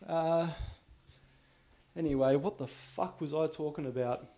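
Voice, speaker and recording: A rambling Australian man rants away in casual, profane talk, tripping over his own restarts in exasperation. His voice sits a little higher than most men's. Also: a little slow, mellow. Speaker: podcaster. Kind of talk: casual rant.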